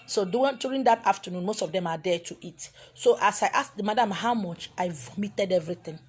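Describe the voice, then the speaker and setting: A woman with a Nigerian accent telling a story in an animated way, slipping into Igbo and pidgin. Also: medium pitch, fairly quick, slightly rough. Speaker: spiritual teacher. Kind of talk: storytelling talk.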